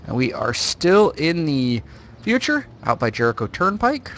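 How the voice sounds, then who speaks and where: A man's voice: on the high side, sing-song, measured pace, a bit bright, a little hiss or hum. A man streaming a game live, chatting casually in a rambling, jokey way and swearing freely. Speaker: livestreamer.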